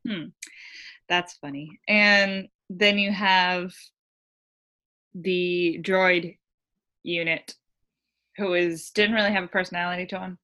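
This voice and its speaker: Woman, podcast co-host, chatty, animated, slightly low, bright and forceful tone. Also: slow pace, pauses often. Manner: chatty, animated, lots of "like" and quoted voices. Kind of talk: casual chat reviewing a show.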